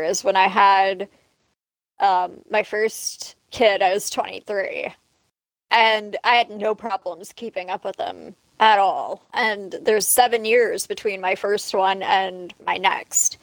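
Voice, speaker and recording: A woman's voice: mid-range voice, steady tone, measured pace, creaky, dry recording, rough recording. A woman in her late thirties co-hosting a casual podcast chat, talking candidly and conversationally. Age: 30s. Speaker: podcast co-host.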